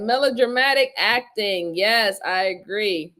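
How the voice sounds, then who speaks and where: A woman's voice: on the high side, expressive, a little slow, a bit bright. A woman hosting a live stream, casually commenting on crime footage and reading viewer comments aloud with frequent laughter.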